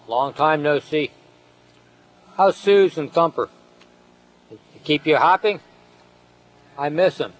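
Guy reading as a young soldier writing to his sis, shaky, halting, stumbles over words. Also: fairly high pitch, rough recording. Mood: chatty. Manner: halting, frightened, confessional.

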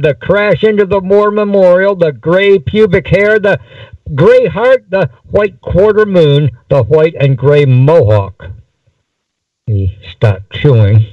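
A man's voice: a little high, a little mellow, no room sound. A man reading a strange short story aloud. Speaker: narrator. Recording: dull, distant mic, dry.

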